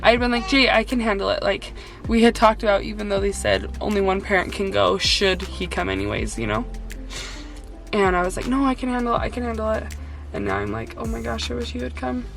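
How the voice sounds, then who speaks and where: A woman's voice: fairly high pitch, vocal fry. A young woman vlogging from her car and a hospital waiting room, talking in an emotional, nervous, chatty way into a handheld phone. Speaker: vlogger mom. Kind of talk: casual vlog.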